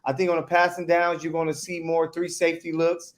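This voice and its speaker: Relaxed man chiming in on football. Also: a little high, fairly quick. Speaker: podcast co-host. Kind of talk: casual sports chat.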